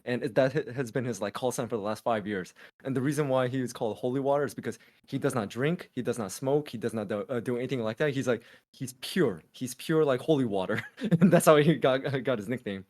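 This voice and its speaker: A man's voice: medium pitch, fast, darkish tone. Rambling man telling a story. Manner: rambling storyteller, many fillers and restarts. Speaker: podcast co-host. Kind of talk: casual chat.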